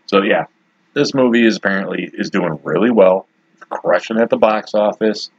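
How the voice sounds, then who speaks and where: Podcast host, male, 40s: blunt and rambling, husky voice, dry close sound. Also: on the low side, normal speed, dry recording, dull audio. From Detroit, USA. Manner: rambling, blunt and opinionated, with frequent asides. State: has the hiccups. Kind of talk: casual solo commentary.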